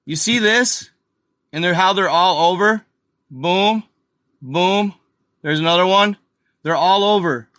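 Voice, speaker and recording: A man hosting a casual video, excitedly talking viewers through an old map and repeating himself as he points things out. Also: high voice, slow, pauses often, no room sound, studio quality. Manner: excited, repetitive, addresses viewers as guys and y'all. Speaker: video host. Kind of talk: casual commentary over a map.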